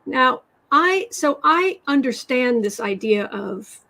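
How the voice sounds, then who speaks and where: A woman from West Virginia hosting a tarot and astrology livestream, telling stories in a rambling, animated way with sudden emphatic outbursts. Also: high-pitched, slow, vocal fry. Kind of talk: casual chat, storytelling.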